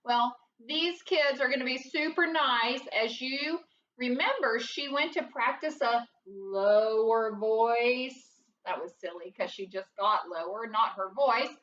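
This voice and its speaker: A woman teaching first grade in a recorded lesson, slow and gentle, coaxing a puppet along as she talks to the kids. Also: on the high side, a little hiss or hum. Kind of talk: recorded lesson for young children. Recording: roomy, dull sound from a distance.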